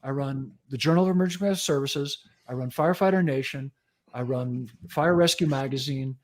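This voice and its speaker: A man's voice: mid-range voice, fairly quick, a little mellow. A man in his sixties, a fire chief and editor, telling profane, jokey stories in casual podcast chat. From United States. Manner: profane, jokey anecdotes with acted quotes.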